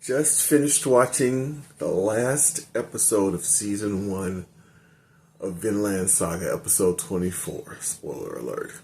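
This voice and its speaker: A man's voice: lowish voice, unhurried, dark tone, slight background noise. An older man casually reviewing an anime episode, rambling and correcting himself as he recaps the plot. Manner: rambling, self-correcting recap with many ums.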